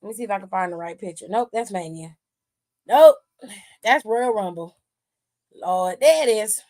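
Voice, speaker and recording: A woman's voice: medium pitch, animated, moderate pace, pauses often, dark tone. A woman hosting a wrestling aftershow stream, talking in a sassy, profane, casual way and laughing often.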